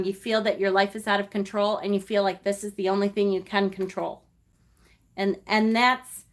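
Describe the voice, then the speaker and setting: A woman's voice: medium pitch, fairly bright tone. A middle-aged woman hosting a casual live stream, chatty and affectionate, with many fillers and emotional asides. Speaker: livestream host.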